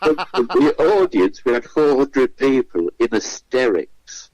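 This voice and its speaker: Unhurried and animated in a mid-range voice, a man tells chatty anecdotes as a guest comedian in a radio interview. He acts out the voices of those he quotes, and the recording is rough.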